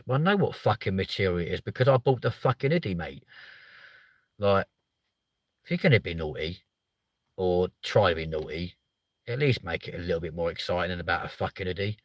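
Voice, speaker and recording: A young man hosting a livestream, chatting in a rambling, sweary way that jumps up in pitch when he gets riled. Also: lively intonation, moderate pace, no room sound. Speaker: livestream host. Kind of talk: casual livestream chat.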